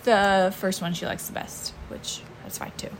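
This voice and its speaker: A woman's voice: medium pitch, very animated, moderate pace, creaky, background noise. A woman who is a mother, chatting casually and rambling through stories with many ums and self-corrections. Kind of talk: casual chat.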